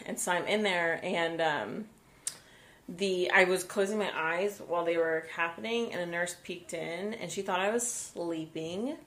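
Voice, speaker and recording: A young woman co-hosting a podcast, telling an animated story in casual chat and swearing freely. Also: fairly low pitch, unhurried. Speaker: podcast co-host.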